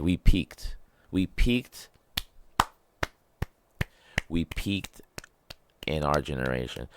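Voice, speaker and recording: Gravelly, very low-voiced man ranting casually. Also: a little mellow, no room sound. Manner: loose, joking, profane, rambling. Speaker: podcast host. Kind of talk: casual solo rant.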